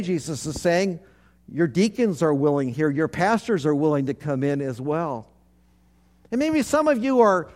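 A man's voice: sits high, a little mellow. A man, a pastor, preaching a sermon, leading his congregation to repeat phrases back, with earnest, repetitive emphasis.

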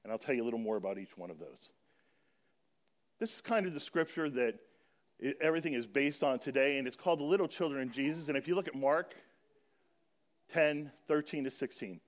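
A man with a medium-pitched, expressive voice speaks earnestly to a church congregation about a children's charity, explaining and reading scripture aloud slowly.

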